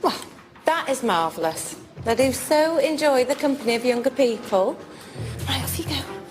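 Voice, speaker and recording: A prim, fussy schoolteacher, in a higher voice, gushing over her pupils. The sound comes from a television clip with clear music underneath. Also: animated, moderate pace.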